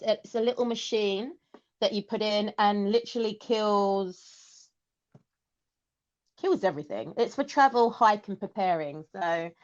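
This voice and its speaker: A woman's voice: mid-range voice, highs cut off. A woman from England with an English accent, a podcast guest chatting casually and explaining things with lots of "okay" and "um".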